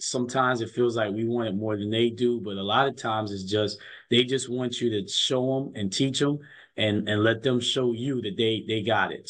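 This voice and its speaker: A man who coaches basketball, telling stories in a casual interview, earnest and often repeating his words as he goes. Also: fairly low pitch.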